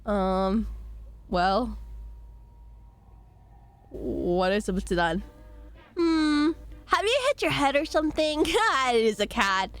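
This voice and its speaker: Casual woman game streamer, slightly hoarse, playful and giggly, a touch high-pitched.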